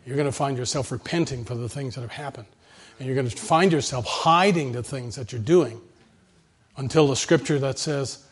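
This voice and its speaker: A man's voice: mid-range voice, normal speed, fairly bright tone, slightly rough. A man preaching a sermon with an emphatic, repetitive cadence. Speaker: pastor.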